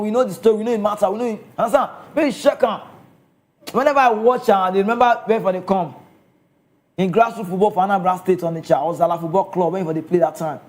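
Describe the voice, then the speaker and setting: A man's voice: sits high, darkish tone. A man with a Nigerian accent giving casual football commentary, chatty and often checking in with his listeners.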